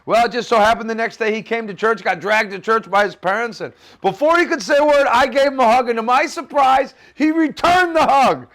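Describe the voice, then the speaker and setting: A man's voice: very high voice, brisk, few pauses, a bit bright. A man who is a pastor, preaching a sermon as a conversational anecdote and acting out the voices of the people in his story.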